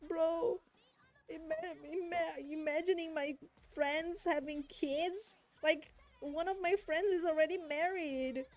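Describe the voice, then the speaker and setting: High-voiced young woman chatting slowly. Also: steady tone. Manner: rambling, self-interrupting, laughs often. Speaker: artist streaming while drawing. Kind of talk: casual chat while drawing. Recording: faint music playing behind.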